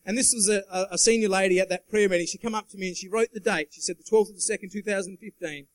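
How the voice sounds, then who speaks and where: Male preacher, high voice, dry close sound, earnest and emphatic, sermon in a church. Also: fairly even intonation, fast, no room sound, poor audio. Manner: earnest, emphatic, calls out to the congregation. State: sweating. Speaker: guest preacher.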